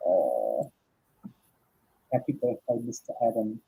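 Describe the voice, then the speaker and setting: A tired woman hosting a casual live chat, laughing often and reading out viewers' comments in a husky voice. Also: extremely low pitch, very animated, slow pace, warm tone. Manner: chatty, laughs often, reads comments aloud. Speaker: host. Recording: dull lo-fi stream audio.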